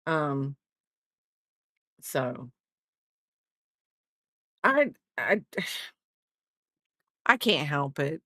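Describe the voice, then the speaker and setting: A woman chats slowly while she crochets on a livestream, her pitch swooping up and down as she rambles. She pokes fun at herself, laughs often and talks to both her viewers and her dog. Her voice sounds dry and close, with no room around it. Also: sing-song, bright, forceful tone, no room sound. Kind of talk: casual chat while crafting on a livestream.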